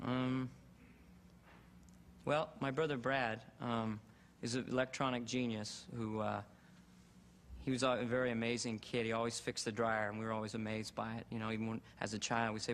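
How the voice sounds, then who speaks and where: A man's voice: mid-range voice, level tone, normal speed, fairly bright tone, a little hiss or hum. A man, an auditioning comedian, chatting in a hesitant, self-deprecating way between bits. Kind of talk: audition patter.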